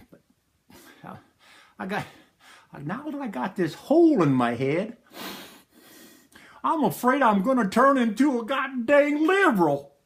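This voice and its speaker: A man playing a rowdy, profane rural man, rambling through a wild comic story. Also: high-pitched. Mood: wry. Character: rowdy rural middle-aged man telling a wild tale. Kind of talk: comic character monologue.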